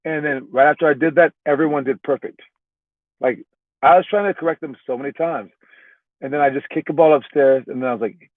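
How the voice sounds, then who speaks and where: A man's voice: mid-range voice, brisk, no echo. A man who coaches basketball gives a casual motivational talk to young players. He rambles, repeats words and keeps tagging "all right?" onto his points. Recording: narrow phone-like sound, dry.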